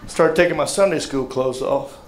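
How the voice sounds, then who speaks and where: A man's voice: medium pitch, normal speed. A middle-aged man with a Southern US accent telling a stand-up story in a drawling, self-mocking way, building to punchlines. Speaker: stand-up comedian. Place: comedy club stage. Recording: echoey stage with crowd laughter. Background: audience laughter.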